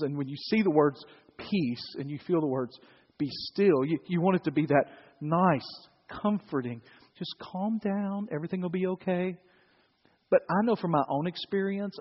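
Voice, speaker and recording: A man preaching a sermon, joking with the congregation in a conversational way. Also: sits high. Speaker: pastor. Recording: dull sound in a reverberant hall.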